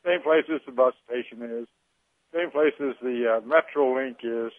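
A man's voice: medium pitch, normal speed, dry recording. A man calling into a radio show, talking in a rambling, hesitant way with many fillers. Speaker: caller, train conductor. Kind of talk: phone-in chat. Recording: dry, tinny phone line.

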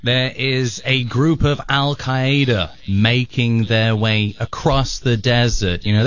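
A man on a radio show telling a joke on air, an animated storyteller who bursts into sound effects. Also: medium pitch. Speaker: radio show regular at the control board. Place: radio studio. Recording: dull lo-fi radio broadcast.

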